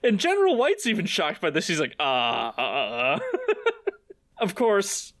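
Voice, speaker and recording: Joking, lively-voiced male podcast host. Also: high-pitched, normal speed, no room sound, studio quality. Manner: laughs often, acts out quotes; profane, joking. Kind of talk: casual recap chat.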